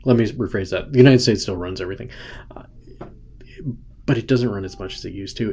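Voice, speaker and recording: A man with a low, gravelly voice talks through the news in a loose, rambling way, stopping to restart and rephrase himself. It sounds like a casual home recording with a faint hiss underneath. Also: steady tone, quick pace, warm tone. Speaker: host. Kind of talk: casual political commentary. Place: home, with a sleeping child nearby.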